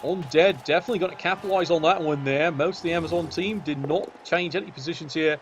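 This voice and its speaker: A man's voice: a little high, fast talker, a little hiss or hum. A man giving cheeky, sardonic commentary on a tabletop game match.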